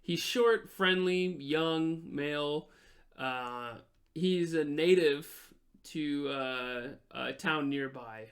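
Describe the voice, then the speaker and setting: A man's voice: fairly high pitch, drawn-out words. A man running a tabletop game as game master, narrating in a casual, rambling way with fillers.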